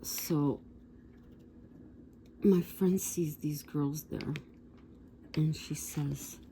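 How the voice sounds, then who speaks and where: A woman's voice: low voice, warm tone, slight background noise. A woman in her sixties rambling through an old story for her vlog, with digressions and asides to viewers. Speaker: vlogger. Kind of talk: casual storytelling.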